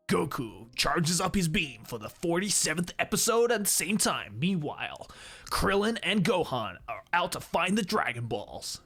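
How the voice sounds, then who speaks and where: Gruff strained anime preview announcer dude, a guy putting it on, grunty and dramatic, faint music behind. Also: on the high side, a bit bright, exaggerated voice.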